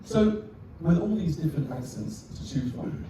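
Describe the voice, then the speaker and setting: A man presents a scripted lecture in a clear, higher-pitched voice. He sounds far from the microphone in a very echoey hall. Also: big pitch swings, moderate pace, heavy background noise. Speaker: lecturer, performer. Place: performance venue.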